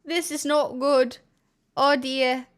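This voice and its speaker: A woman's voice: sits high, level tone, slow pace, fairly bright tone, slight background noise. A woman with an Australian accent hosting a live stream, chatting casually and narrating aloud as she tastes food. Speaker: livestream host.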